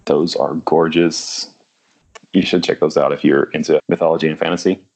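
A comic artist from Louisiana, a man talking as a guest on a podcast. His voice sits very low and his delivery is relaxed and quiet. He comes across as unhurried and easy to talk to. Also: vocal fry. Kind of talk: casual interview chat.

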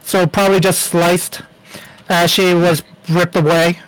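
A man's voice: high-pitched, level tone, unhurried, rough recording. A man co-hosting a podcast, casually arguing his theories about a TV show. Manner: argumentative, defends his theories. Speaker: podcast co-host.

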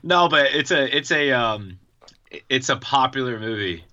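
A man's voice: medium pitch, measured pace. A man, a pastor and church planter, earnestly telling his story as an interview guest over a video call. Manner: earnest, relaxed, many fillers. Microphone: video call over Skype. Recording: dull lo-fi Skype audio.

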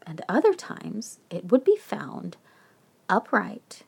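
A woman co-hosting a podcast, chatty and animated, casually telling a true haunted story with some swearing. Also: mid-range voice, slow, vocal fry, breathy edge.

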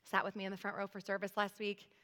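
With a mid-range, slightly bright voice, a woman in her thirties preaches as pastor, talking fast in a completely flat manner. Her sermon, earnest and conversational and featuring a personal story, is aimed directly at her congregation. The church sanctuary setting gives long hall reverb.

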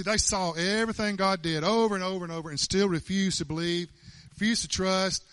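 A man preaching a sermon in an animated, emphatic way, often laughing as he talks. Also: high-pitched, no echo.

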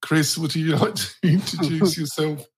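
A man hosting a roundtable podcast, joking and laughing with many halting fillers. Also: fairly high pitch, a little hiss or hum. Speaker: podcast host. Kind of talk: casual roundtable chat.

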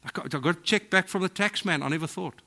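South African pastor with a bright voice. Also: male voice, a little high, fast talker, creaky. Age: middle-aged. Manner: storytelling, swings from hushed to exclaiming. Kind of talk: sermon.

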